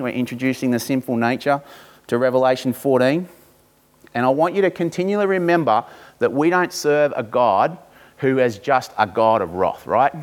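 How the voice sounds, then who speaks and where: A pastor preaching, reading scripture slowly and deliberately, then breaking into informal asides to the congregation. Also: male voice, medium pitch.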